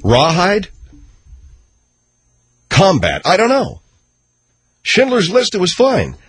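A man hosting a talk radio show, giving opinionated commentary in a ranting, sarcastic way. He swings between loud outbursts and low mutters. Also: wildly swooping pitch, slow pace, slightly rough, dry recording.

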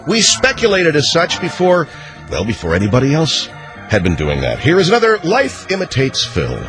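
Lively, sarcastic male radio host. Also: on the high side. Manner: sarcastic, riffing, acts out skits. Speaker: radio talk show host. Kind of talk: comedic talk radio monologue.

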